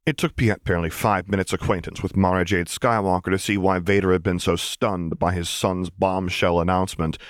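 A man reads a story with a wry, measured touch. His voice sits very low, and the sound is dry and close with no room echo. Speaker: audiobook narrator. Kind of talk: fan fiction narration.

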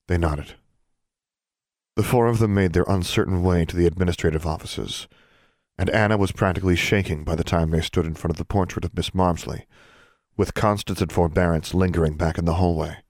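A man narrating an audiobook in an even, measured storytelling manner. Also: low-pitched, no echo, studio quality.

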